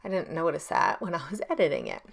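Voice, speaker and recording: A woman's voice: sits low, sing-song, fast talker, creaky. A woman in her thirties chatting through a scrapbooking tutorial at her home desk, rambling with ums and self-corrections. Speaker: scrapbooking YouTuber. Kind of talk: casual crafting tutorial. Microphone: camera on a stand on her desk.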